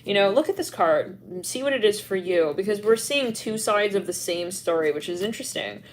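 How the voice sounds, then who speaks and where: A woman's voice: mid-range voice, a little fast. A young adult woman doing a live-streamed tarot reading, rambling with lots of "like" and acting out little scenes with giggles. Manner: animated, acts out scenes, giggles often; heavy filler "like", rambling. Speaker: tarot reader.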